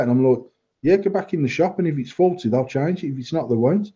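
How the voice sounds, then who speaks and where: A man hosts a casual podcast chat and swears freely. His voice is dark and husky, pitched a little high. The recording sounds dull and lo-fi. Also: expressive, fast talker. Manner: blunt, sweary, laughs often. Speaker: vape shop owner and podcast host.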